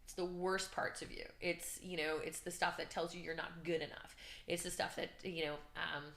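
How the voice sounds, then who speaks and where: Woman guest, candid storytelling, forceful bright tone, lowish voice, roomy echo. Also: moderate pace, creaky. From Canada. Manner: animated, acts out shouts and inner voices; emotional, earnest. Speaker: podcast guest, business coach.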